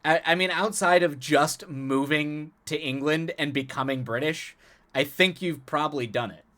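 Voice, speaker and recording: A man with a slightly high, somewhat bright voice talks at a normal speed. He's a live streamer chatting casually with his viewers, laughing often and repeating words whenever he restarts a sentence.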